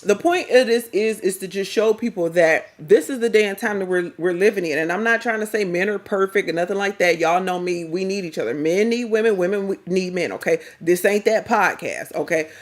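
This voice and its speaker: A middle-aged woman, giving blunt, slangy, scolding reaction commentary as a vlogger. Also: mid-range voice.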